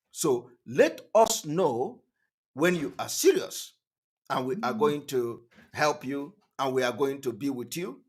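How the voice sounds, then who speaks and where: A man hosting an online channel, delivering emphatic, repetitive political commentary that rises to loud outbursts. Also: on the high side. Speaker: online TV host.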